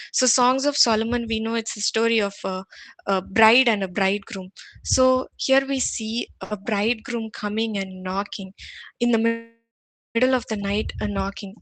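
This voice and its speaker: A woman giving a morning devotional sermon, gentle and earnest, often restarting and repeating words. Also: a little high, steady tone, normal speed, dry recording. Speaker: devotional speaker.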